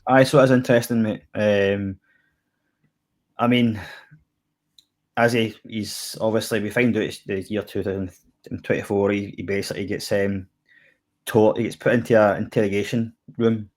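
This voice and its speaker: A Scottish man with a somewhat low voice talks through a TV episode in casual chat. He rambles, circling back and leaning on fillers as he goes. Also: steady tone, moderate pace, long pauses. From Scotland. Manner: rambling, filler-heavy, lots of "kinda" and "like". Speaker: podcast co-host reviewing TV.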